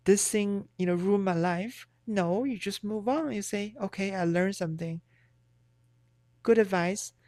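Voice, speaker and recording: A woman's voice: mid-range voice, darkish tone, dry recording, studio quality. A woman livestreamer in casual chat, giving blunt, profane, rambling opinions.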